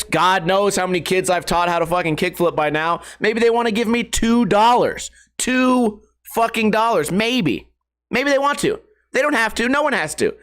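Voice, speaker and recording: High-pitched, profane, ranting man. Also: a bit bright. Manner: profane, exasperated ranting with mocking voices. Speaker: skateboarding YouTuber. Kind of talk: casual podcast rant.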